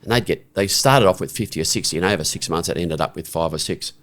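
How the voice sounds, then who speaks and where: Low, fast and a bit bright, this voice is a middle-aged man from Australia appearing as a podcast guest. He spins a conversational story bluntly and frankly, with restarts and a frequent "right?".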